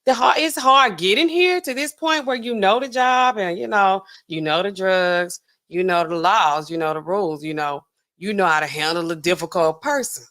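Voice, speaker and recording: A woman pharmacist hosting a casual livestream, chatting to viewers and acting out customers in quick asides. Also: medium pitch, a bit bright.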